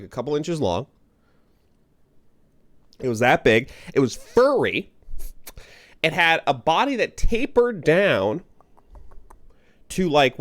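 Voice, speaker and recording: A man chatting casually with viewers while streaming a game, rambling and joking at his own expense. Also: fairly high pitch. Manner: rambling, self-deprecating, chats with viewers. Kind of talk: casual gaming stream chat.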